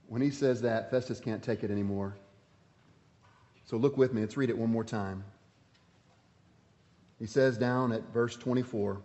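A man preaching a sermon, swinging between loud emphasis and quiet, intense passages. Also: mid-range voice. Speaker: pastor. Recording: dull sound with long hall reverb.

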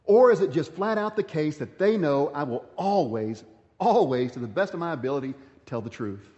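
Man preaching, slightly high voice, emphatic repetition, long hall reverb. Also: animated, moderate pace, darkish tone, muffled recording. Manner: preaching with emphatic repetition, reading scripture aloud. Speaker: pastor. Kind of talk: sermon.

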